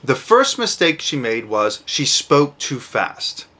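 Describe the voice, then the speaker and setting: A middle-aged man, a parent giving advice to camera, who speaks slowly and enunciates each word with emphasis. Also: medium pitch, very animated, pushed and bright. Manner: slow, deliberate, emphatic enunciation. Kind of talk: instructional talk to camera.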